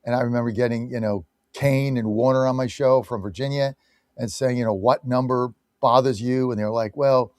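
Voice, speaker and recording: A man's voice: medium pitch, no room sound, studio quality. A man hosting a live call-in radio show, reacting to callers and then riffing on the news. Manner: animated, quick to react, breaks into laughter. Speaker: radio talk show host.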